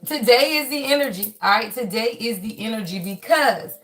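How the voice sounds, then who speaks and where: A woman's voice: on the high side, normal speed. A woman hosting a spiritual reading live stream, talking casually and preaching bluntly, with lots of cussing, and calling her viewers "y'all" over and over. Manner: blunt, profane, calls the audience "y'all" constantly; lively, preachy and emphatic. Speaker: spiritual reading channel host. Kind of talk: casual livestream chat.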